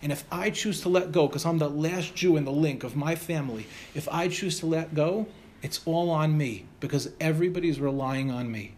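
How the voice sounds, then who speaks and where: A man speaking as an earnest young man, quiet and resolute. He talks slowly and solemnly, in a fairly high voice. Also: a little hiss or hum, lightly acted.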